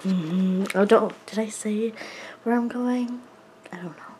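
A woman's voice: medium pitch, takes it slowly, warm tone, slight background noise, low-quality recording. A young woman chatting casually to camera at home, rambling with lots of fillers. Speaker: vlogger. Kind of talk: casual vlog chat to camera. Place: home, indoors.

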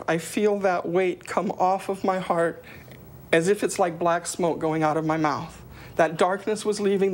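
A middle-aged woman tells her conversion story in an earnest testimony. Her voice sits at an ordinary middle pitch and climbs sharply when she quotes her own prayers. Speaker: guest giving a testimony. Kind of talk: emotional personal testimony.

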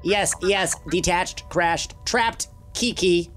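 A man's voice: high-pitched, slow, fairly bright tone, soft background music, voice pushed up. A man voicing a small helper robot in short, choppy phrases. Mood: clipped. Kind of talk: voicing game dialogue aloud.

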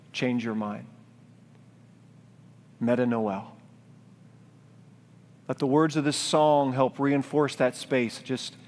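A man preaching a sermon as pastor, speaking in a gentle, reflective, pleading way. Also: medium pitch. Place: church sanctuary, live-streamed. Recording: long church-hall reverb.

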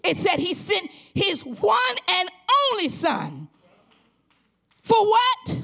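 High-pitched woman preaching in call and response. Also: huge pitch swings, vocal fry, a bit bright. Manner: drops to a low, quick, intimate voice. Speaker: pastor. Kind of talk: sermon.

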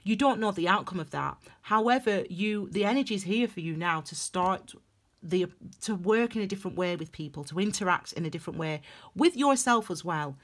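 A young woman giving a casual tarot reading to camera, emphatic and animated, repeating phrases for stress. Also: lowish voice, brisk. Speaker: tarot reader.

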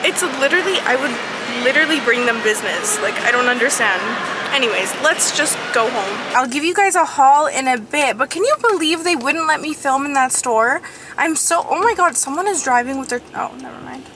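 A young woman vlogging while driving, excitable and chatty, a little sniffly and congested, peppering her talk with "like" and "oh my god". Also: high voice, fairly quick, background noise. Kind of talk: casual vlog chat. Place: in a car, driving.

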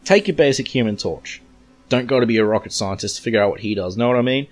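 A man's voice: mid-range voice, fast, soft background music, natural voice. An Australian-accented man reading out a brash male caller's lines in his own voice, full of chatty rhetorical asides. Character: brash male call-in listener, know-it-all.

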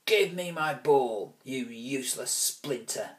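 A man's voice: a little high, animated, measured pace, pitched above the performer's own voice. A man voicing a big bullying boy who growls demands and sneers insults.

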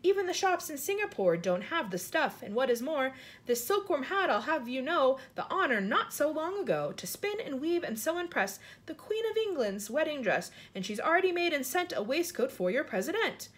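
A woman's voice: high-pitched, big pitch swings, moderate pace, hardly any pauses, pitched above the performer's own voice. A woman reading aloud the voice of a young boy who proudly presents his friends in rhythmic, sing-song verse. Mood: showman. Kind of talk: children's book read aloud.

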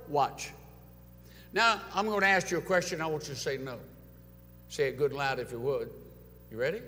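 A man preaching a sermon to his congregation, dramatic, swinging from loud urging to soft, hushed lines. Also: fairly high pitch, expressive, normal speed, pauses often. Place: church sanctuary. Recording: long church hall reverb.

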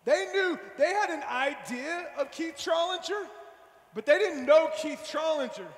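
A man giving a fervent, loud youth sermon, slangy and direct with his listeners. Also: very high voice, lively intonation, unhurried, pauses often, a little hiss or hum. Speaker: youth speaker. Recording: echoey hall with long reverb.

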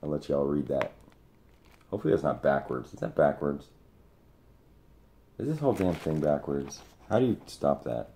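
Very deep-voiced man unboxing cards. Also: normal speed, pauses often, a little hiss or hum. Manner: excited, talks to the sender directly. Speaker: sports card collector opening mail. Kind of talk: casual unboxing vlog.

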